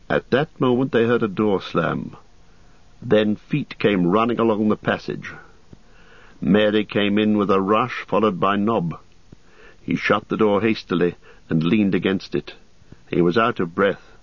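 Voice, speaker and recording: A man narrates an audiobook in a steady, measured scripted reading, his voice on the low side. The recording is dry and slightly muffled, with no room sound.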